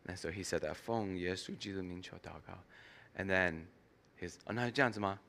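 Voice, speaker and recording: A man preaching as pastor, telling a story animatedly and acting out the dialogue, pausing for an interpreter. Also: low voice, gravelly, bright, forceful tone. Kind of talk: sermon with live interpretation.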